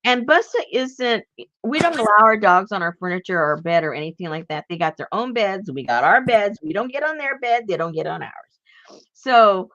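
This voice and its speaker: A woman's voice: medium pitch, very animated, brisk, a bit bright, dry recording, highs cut off. A woman hosting a casual crafting chat, rambling and laughing easily as she works. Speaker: crafting channel host.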